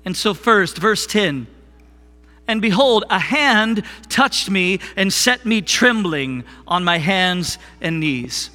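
Slow, high-voiced man preaching a sermon. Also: expressive, bright, forceful tone, in a large hall, faint music behind. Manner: slow, deliberate preaching with call-and-response. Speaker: worship pastor preaching. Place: church sanctuary.

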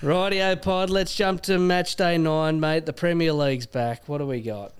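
A man's voice: fairly high pitch, fairly even intonation, moderate pace, clean tone. A man co-hosting a casual podcast, joking and chuckling often. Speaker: co-host.

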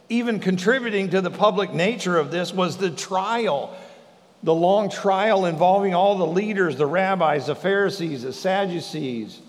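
A male preacher delivers a sermon in a church hall, acting out the voices in the scripture. His voice sits fairly high for a man. A long reverb from the hall trails after his words. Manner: animated preaching, acts out the speakers in the scripture. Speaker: pastor.

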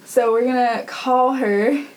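A woman's voice: on the high side, steady tone, slow, a little mellow, low-quality recording. A young woman hosting a podcast, telling a story in a chatty, casual way full of fillers and laughter. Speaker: podcast host.

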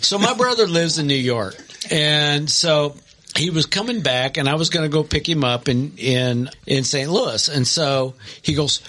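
A man guesting on a podcast, jokey and quick to chime in. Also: on the high side, sharp tone. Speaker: distillery co-founder guest. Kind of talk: casual chat.

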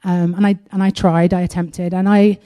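A woman sharing a personal testimony at a church service, earnest and halting, partly reading aloud from her own writing. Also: fairly low pitch, flat delivery, mellow. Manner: earnest and halting, with frequent pauses.

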